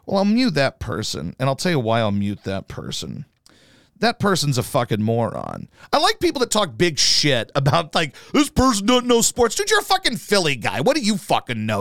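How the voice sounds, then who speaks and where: Male podcaster, blunt and foul-mouthed, lively swinging pitch, smooth voice, dry close sound. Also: no echo. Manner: profane, combative, rambling. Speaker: podcast host. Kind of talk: ranting solo podcast.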